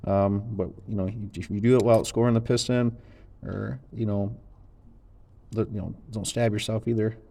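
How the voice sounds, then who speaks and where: A man's voice: lowish voice, fairly even intonation, normal speed, vocal fry, mellow. A man explaining how he fitted a part, in a hesitant, plain-spoken way. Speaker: mechanic.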